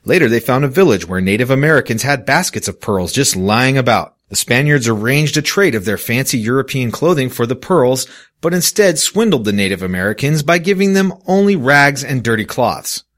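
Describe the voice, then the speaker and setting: A man reads a scripted tale of desert legends. His pitch swings widely as he tells it, giving the story a lively, animated lilt. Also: fairly quick.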